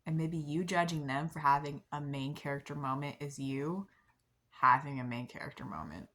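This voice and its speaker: A young woman chatting casually to her camera, rambling with many fillers and soft laughs at herself. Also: sits low, normal speed. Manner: rambling, many likes and ums, soft self-deprecating laughs. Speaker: vlogger. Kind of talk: casual confessional chat to camera.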